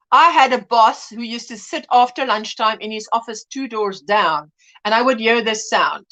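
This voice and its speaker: A middle-aged woman hosting a casual livestream, chatting and reading out viewer comments as an animated storyteller who mimics voices and laughs often. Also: fairly high pitch, normal speed. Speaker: livestream host.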